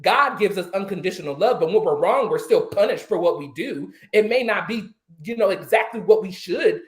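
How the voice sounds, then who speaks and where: A man's voice: sits high, expressive, moderate pace. Indignant man ranting, roomy sound. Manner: heated, indignant ranting with rhetorical questions. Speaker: panelist. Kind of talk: impassioned online panel talk. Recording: roomy echo.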